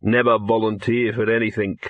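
A man's voice: on the low side, level tone, brisk, no echo, lo-fi sound, lightly acted. A man voicing a sardonic, streetwise male talking dog who grumbles and sneers. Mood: grumbling. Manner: sardonic, grudging.

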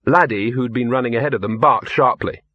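A husky male narrator telling a story in a measured, steady way. The recording is dull and lo-fi, very dry and close to the mic. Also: mid-range voice, dry recording. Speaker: audiobook narrator. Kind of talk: scripted narration.

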